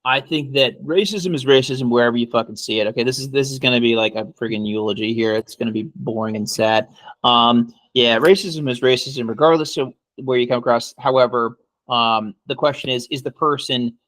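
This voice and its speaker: A young man co-hosting a podcast, swearing freely and rambling through a crude joking chat. His voice sits at an everyday middle pitch. It is recorded close and dry, with no room sound. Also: normal speed, fairly bright tone, dry recording. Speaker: podcast co-host. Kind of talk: casual crude comedy chat.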